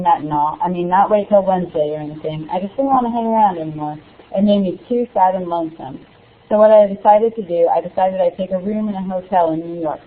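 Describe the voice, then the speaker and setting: Young woman, student reader, low-ish voice, tinny phone-like call audio. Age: young adult. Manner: casual, with ums before reading. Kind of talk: reading a novel excerpt aloud. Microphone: computer or phone call.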